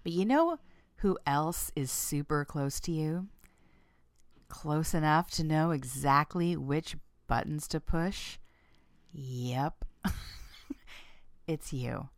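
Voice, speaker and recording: Woman podcast host, frank and playful, laughs a lot; smooth clear voice on a close dry mic. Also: slow pace, long pauses, no room sound. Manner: acts out quoted lines with sudden pitch jumps. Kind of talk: casual self-help talk to listeners.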